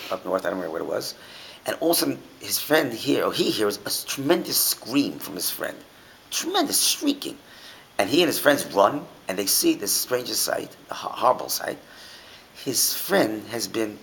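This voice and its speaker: A man's voice: on the low side, creaky, fairly bright tone, slight background noise, low-quality recording. A man teaching an informal Torah class, asking his listeners many rhetorical questions and often restarting his sentences.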